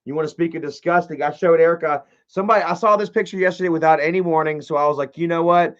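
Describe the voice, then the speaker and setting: A man's voice: a little high, rapid-fire, lo-fi sound. A man hosting a livestream, rambling with many fillers and making sarcastic, profane remarks. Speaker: livestream host. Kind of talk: casual live-stream commentary.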